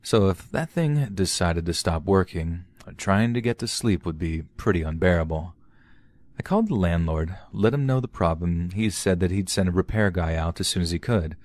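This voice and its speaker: Deep-voiced man casually telling a scary story. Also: expressive, moderate pace, a little mellow, no echo. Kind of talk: first-person horror story narration.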